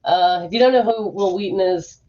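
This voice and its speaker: A woman's voice: mid-range voice, fairly quick, warm tone, muffled recording. A woman hosting a stream from a room at home, rambling in casual chat with lots of fillers and asides while reading an article aloud. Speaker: streamer host.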